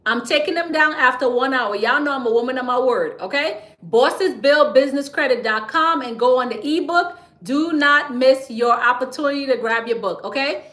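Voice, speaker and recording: In an echoey room, a woman streams live about business credit, keeping things casual, chatty and playful. Her voice sits high and bright; she laughs readily and leans into whispers to share tips.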